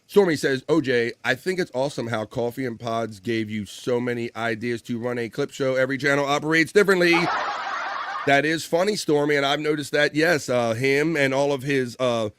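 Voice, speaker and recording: A man's voice: mid-range voice, a little fast, fairly bright tone, slight background noise. A man hosting a casual livestream, reading viewer comments aloud, laughing often and swearing casually. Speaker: livestream host.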